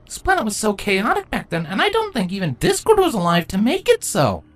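A woman's voice: mid-range voice, wildly swooping pitch, a little fast, pitched above the performer's own voice. A woman voicing a young, studious female changeling princess who sounds eager and curious, in a fan fiction reading.

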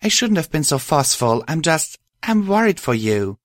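A man's voice: very animated, normal speed, no echo, clean studio sound. A man voicing an earnest, worried young female pegasus pony who pleads with a friend. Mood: pleading. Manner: pleading, raised pitch.

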